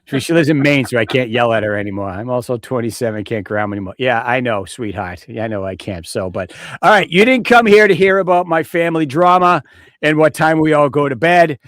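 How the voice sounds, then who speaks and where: A middle-aged man hosting a podcast, loose and rambling, cursing freely and poking fun at himself. His voice sits at an ordinary pitch and sounds dry and close on the mic, with no room around it. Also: fairly quick, a bit bright, no echo. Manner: rambling, profane, self-deprecating. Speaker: podcast host. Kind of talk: casual podcast chat. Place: home studio with a close mic.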